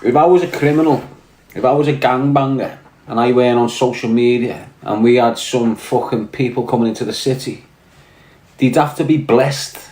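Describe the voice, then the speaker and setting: Scouse male, mid-pitched, blunt and sweary podcast ranter, roomy echo. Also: normal speed, darkish tone. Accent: Liverpool (Scouse). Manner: blunt, heavy swearing, fired-up. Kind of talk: casual rant.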